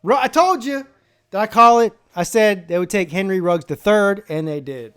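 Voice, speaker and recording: A man's voice: high voice, lively intonation, moderate pace, a bit bright, clear, resonant tone. Man from South Carolina, live-stream host, casual, profane, joking, slightly raised voice.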